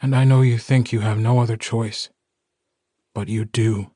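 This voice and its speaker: A man reading an audiobook voices a calm, steady young male werewolf leader who speaks quietly and gently. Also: medium pitch, normal speed, no echo, studio quality, lightly acted. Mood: gently pleading.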